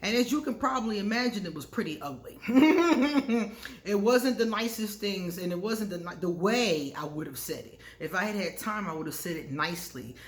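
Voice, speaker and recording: A woman's voice: lowish voice, brisk, hardly any pauses. A woman hosting an astrology channel, telling personal stories in a candid, casual way and often laughing at herself. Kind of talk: casual storytelling to camera. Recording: echoey room.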